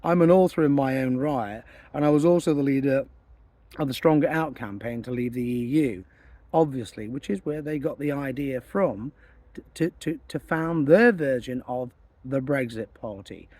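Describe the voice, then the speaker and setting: A man's voice: medium pitch, moderate pace, a little mellow, no echo. A man making an indignant, insistent statement as a political campaigner, repeating himself for emphasis. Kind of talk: recorded monologue statement.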